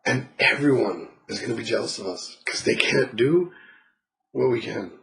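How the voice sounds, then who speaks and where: Animated and a bit bright, this man's medium-pitched voice has vocal fry and moves at a normal speed. As a spiritual reader, he gives a client a casual reading, speaking bluntly, swearing freely, laughing, and acting out quotes. The recording is rough.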